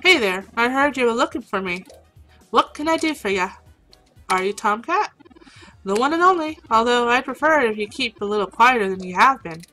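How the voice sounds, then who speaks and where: A woman's voice: fairly high pitch, lively intonation, moderate pace, a bit bright, faint music behind, voice pushed up, poor audio. A woman voicing a breezy hacker who calls people hun, attempting a drawl and reading the lines aloud. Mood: easygoing.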